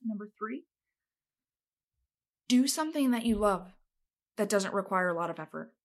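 A woman talks straight to her viewers in a casual advice vlog, with a voice of ordinary middle pitch. She is blunt and feisty, swears freely and hammers home her points. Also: lively intonation, moderate pace. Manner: feisty, emphatic. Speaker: vlogger giving advice. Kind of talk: casual self-help talk to camera.

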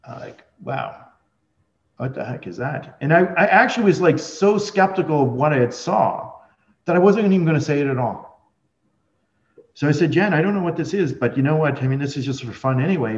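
A man's voice: on the high side, lively intonation, brisk, darkish tone. A man, a guest on a podcast, telling a long rambling story in a casual way, with many restarts and fillers. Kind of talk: conversational storytelling. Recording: roomy, dull lo-fi audio.

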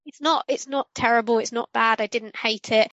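A woman's voice: a little high, steady tone, moderate pace, fairly bright tone, no room sound, highs cut off. A woman co-hosting a casual podcast discussion, rambling and correcting herself as she goes and acting out what she was thinking. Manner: rambling, self-correcting, acts out quotes. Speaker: podcast co-host.

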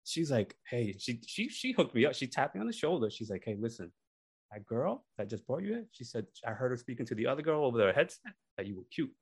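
A young man casually telling embarrassing stories on a podcast, animated and acting out the people in them. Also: medium pitch, fast talker, breathy edge. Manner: animated, acts out voices in his stories. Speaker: podcast co-host. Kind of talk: casual storytelling.

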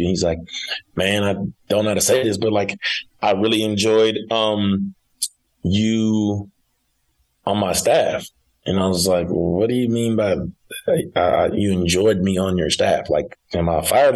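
A young man, a college basketball coach, tells his story in a relaxed interview. His voice sits deep and has a husky grain. He talks casually, stumbling and repeating words as he goes. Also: unhurried, low-quality recording. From Arkansas, United States. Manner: casual, repeats and restarts often.

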